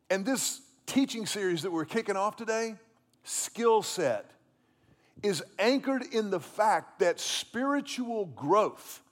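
A man preaching in a loose, chatty storytelling way, his voice sitting high for a man. The sound rings with the long reverb of a large hall. He talks from a church stage. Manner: casual, animated storytelling with fillers. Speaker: pastor. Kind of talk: sermon storytelling.

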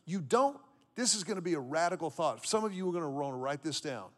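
A man's voice: fairly high pitch, expressive, quick pace, a bit bright. A man in his fifties from Texas, preaching a sermon to a congregation and repeating key phrases for emphasis. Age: 50s. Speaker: pastor. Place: church auditorium with congregation.

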